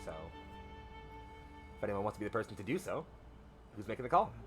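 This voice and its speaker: Male game master, expressive and bright, faint music behind. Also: fairly low pitch, quick pace. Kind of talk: narrating a tabletop game.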